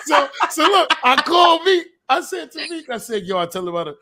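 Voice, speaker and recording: A man co-hosting a podcast, telling a story in animated casual chat and acting out the quotes. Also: extremely high pitch, brisk, hardly any pauses. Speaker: podcast co-host.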